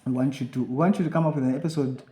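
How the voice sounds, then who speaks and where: A young man with a mid-range voice talks very fast as a podcast co-host, telling a story in casual chat. He's animated, acting out quotes from himself and others, and the recording carries an echoey room sound.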